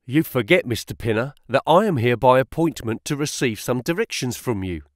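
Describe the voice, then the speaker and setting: A man voicing an excitable young male stockbroker's clerk who talks in eager exclamations. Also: medium pitch, fairly quick, dry recording, studio quality, natural voice. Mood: excited.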